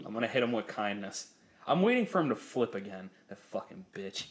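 A man's voice: lowish voice, big pitch swings, fairly quick. A young man co-hosting a podcast, telling a story in casual, profane chat and laughing often. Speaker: podcast co-host.

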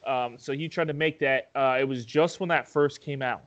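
A young man and podcast host in casual chat, telling stories with swearing and laughter and jumping up in pitch when he acts out his fright. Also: moderate pace, fairly bright tone, dull audio.

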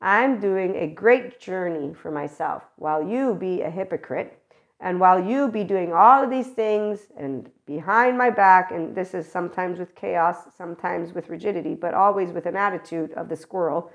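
Casting: woman host with a creaky, gravelly tone, rambling spiritual monologue, acts out quotes. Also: lowish voice, normal speed, highs cut off. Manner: rambling, animated, acts out quoted voices, laughs often. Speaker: spiritual channeler and podcast host.

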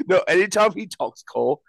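A young man with a bouncy, lively pitch joking around on a podcast. He giggles often and sounds playful. The recording is dry and close to the mic. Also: gravelly, dry recording, poor audio. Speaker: podcast co-host. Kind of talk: casual chat.

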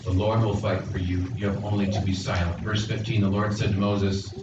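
A man's voice: on the low side, moderate pace. A man preaching a sermon as pastor, reading scripture aloud and giving God's words with rising emphasis. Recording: roomy echo, distant mic, dull sound with background noise.

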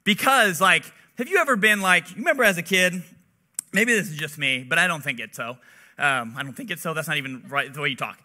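A young man gives a laid-back sermon, chatting like a friend rather than a pulpit orator. His voice sits high and sounds very bright and forceful. He peppers his talk with "like" and personal stories. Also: expressive, a little fast. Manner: chatty, relatable, heavy use of "like". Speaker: preacher. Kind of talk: casual conversational sermon.

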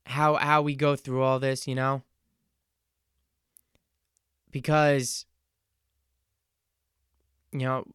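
A man in his twenties hosting a solo podcast, talking in an earnest, reflective and halting way. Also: fairly high pitch, a bit bright, clear, resonant tone, dry recording, clean studio sound. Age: 20s. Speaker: podcast host. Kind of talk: casual solo podcast monologue.

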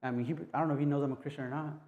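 A man preaching a conversational sermon, talking in a casual, halting way with many restarts and tag questions. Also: medium pitch, steady tone, a little mellow, highs cut off. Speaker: pastor.

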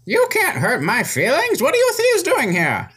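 A woman's voice: sits high, wildly swooping pitch, normal speed, a bit bright, pitched above the performer's own voice, heavily acted. A woman voicing a fussy, indignant old male wizard in a tabletop game, stammering and querulous.

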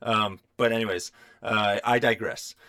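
A man's voice: fairly low pitch, fairly even intonation, unhurried, bright, forceful tone, smooth, no room sound, clean studio sound. A man co-hosting a podcast, chatting casually and rambling with lots of fillers. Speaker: podcast co-host.

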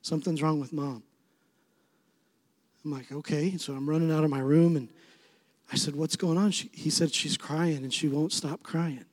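A middle-aged man preaching a sermon as pastor, swinging between soft, tender passages and emphatic, rising appeals. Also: fairly high pitch, fairly even intonation, normal speed. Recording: long reverb of a large hall.

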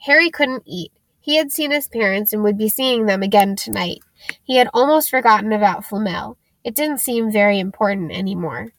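A woman narrating an audiobook chapter in a gentle, steady storytelling voice. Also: mid-range voice, moderate pace, no room sound. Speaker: audiobook reader.

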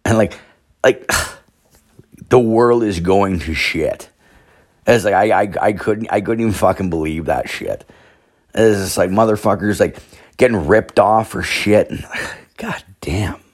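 A man's voice: on the low side, unhurried, long pauses. A man hosting a podcast, telling stories in a rambling, profane way full of fillers. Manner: profane, filler-heavy, with frequent "like". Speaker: podcast host. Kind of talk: rambling casual storytelling.

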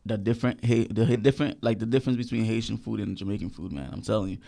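A young man hosts a podcast in a low voice with a strong gravelly fry. He rambles, with lots of fillers, and stays friendly throughout. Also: very fast, warm tone. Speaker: podcast host. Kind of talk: casual interview.

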